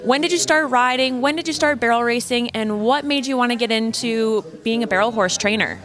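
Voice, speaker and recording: A woman's voice: on the high side, a little fast, a bit bright. A woman interviewing a rider at a rodeo event, bubbly and encouraging. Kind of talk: upbeat arena interview.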